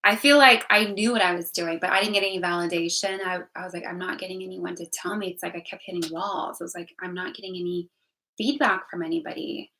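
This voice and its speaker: Rambling bright-voiced young woman. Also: on the low side, steady tone, fast talker, low-quality recording. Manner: rambling, emotional, many restarts and repeated words. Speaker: vlogger. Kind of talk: candid personal vlog talk.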